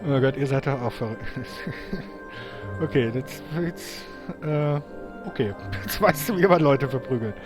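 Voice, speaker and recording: A man's voice: medium pitch, animated, measured pace. A man hosting a game playthrough, giving casual commentary with amused asides. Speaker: let's play host. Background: game music.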